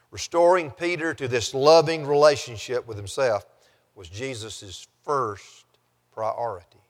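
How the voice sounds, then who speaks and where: A man's voice: medium pitch, measured pace, in a large hall. A man preaching a sermon as pastor, reading scripture aloud and then stressing key phrases as he teaches.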